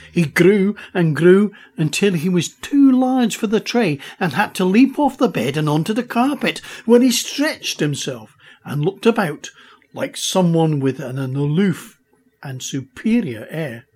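A man reading a children's story aloud, expressive and unhurried. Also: on the high side, breathy edge. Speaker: audiobook reader. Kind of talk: storybook narration.

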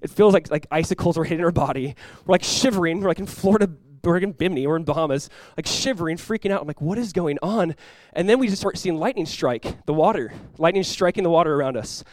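A man, a pastor telling a lively personal story in a sermon, often laughing as he talks. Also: fairly high pitch, fast talker, no room sound.

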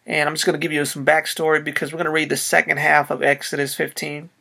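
Gravelly bright-voiced male preacher. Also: on the high side, flat delivery, fast talker. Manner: casual, conversational preaching with slang. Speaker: pastor. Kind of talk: sermon.

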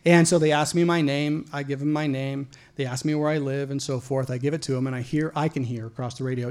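A man from Idaho telling a personal story to an audience, animated and profane, often stumbling into repeated words. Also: medium pitch, quick pace, few pauses. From Idaho, USA.

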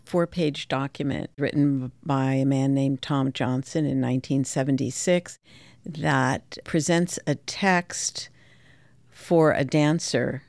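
Low, slow-spoken woman dance scholar. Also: steady tone, a little mellow, dry recording. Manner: thoughtful, reflective explanation. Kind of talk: interview.

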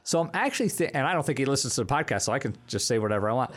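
A middle-aged man on a podcast, animated as he tells stories about running a tabletop game and slips into quick character voices. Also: mid-range voice. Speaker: podcast co-host and game master. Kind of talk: casual podcast chat.

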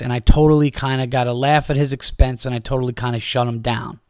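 Profane storytelling comedian, dry close sound. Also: male voice, medium pitch, quick pace, few pauses, clean tone, no room sound. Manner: profane, animated retelling with quoted exchanges. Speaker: stand-up comedian, podcast host. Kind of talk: casual storytelling.

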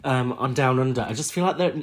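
A man's voice: mid-range voice, fast talker. A man co-hosts a comedy podcast in a nasal, stuffed-up voice. He makes dry jokes in easy, casual chat. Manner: dry, joking. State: congested from allergies. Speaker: podcast co-host.

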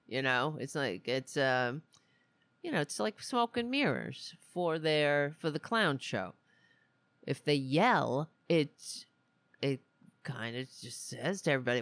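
Brief: commentary host, slow and animated, dry close sound. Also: medium pitch, no room sound. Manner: animated, indignant, many restarts and asides. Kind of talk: casual ranting commentary.

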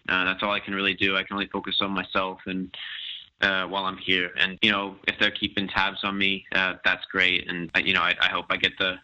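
Low bright young guy, american with a bit of british, humble halting answers, muffled lo-fi line. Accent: American with some British influence. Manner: modest, halting, many fillers and restarts. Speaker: guest professional soccer player. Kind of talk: interview answers.

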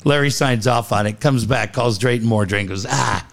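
A man's voice: mid-range voice, brisk. A man hosting a casual talk show, telling a story full of swearing and acted-out quotes. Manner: profane storytelling, animated quoted voices. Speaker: host. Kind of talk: casual chat.

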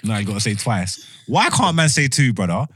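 Young man, low quick voice, loose slangy chat. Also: very animated, background noise. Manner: slangy, laughing, rambling. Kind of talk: casual banter.

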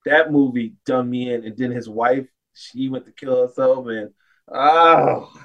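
A man's voice: mid-range voice, unhurried, muffled recording. A man, a singer appearing as a podcast guest, chatting casually with loose, emphatic exclamations. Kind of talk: casual chat.

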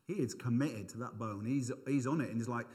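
A man's voice: mid-range voice, fairly quick, a little mellow. Man preaching in a reverberant hall. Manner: conversational, self-deprecating, thinks aloud with asides. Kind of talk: informal sermon.

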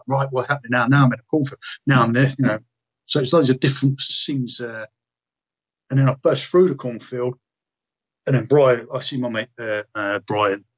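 Husky British man telling a frank story. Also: medium pitch. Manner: halting, restarts, frank and profane. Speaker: guest, military veteran. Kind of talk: personal storytelling in conversation.

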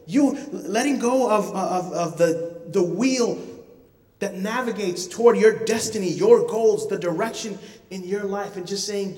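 A man's voice: high-pitched, unhurried, darkish tone. A man in his thirties preaching a sermon as a pastor, earnest and conversational, repeating words for emphasis. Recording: echoey hall, voice from far off.

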